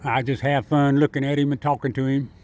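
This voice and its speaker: A man chatting and coaxing a squirrel in his front yard, repeating himself in a relaxed, chuckling way. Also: medium pitch, fairly quick. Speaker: vlogger feeding a squirrel. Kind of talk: casual talk to an animal.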